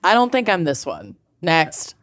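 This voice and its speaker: A woman co-hosting a podcast, reacting to her partner with wry, deadpan quips. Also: lowish voice, measured pace, no room sound, clean studio sound. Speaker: podcast co-host. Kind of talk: casual chat, reacting.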